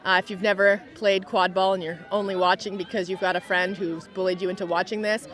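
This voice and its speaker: A woman's voice: mid-range voice, little pitch movement, a little fast, a bit bright. A woman doing live sports commentary at an outdoor tournament, chatty and enthusiastic, cheering players on by name.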